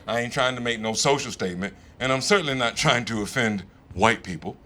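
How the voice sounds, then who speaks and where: Bright-voiced Southern man, drawling stand-up. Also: medium pitch, expressive, fairly quick, slight background noise. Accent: Southern American. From American South. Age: 50s. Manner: drawling, conversational, profane. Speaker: stand-up comedian. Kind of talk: stand-up comedy set. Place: comedy stage in front of a live audience.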